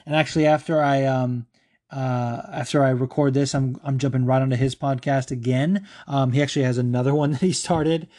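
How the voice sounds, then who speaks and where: A man's voice: mid-range voice, fairly even intonation, fairly quick, darkish tone. A man hosting a podcast, casually answering fan questions in a loose, filler-heavy and profane way. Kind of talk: casual chat.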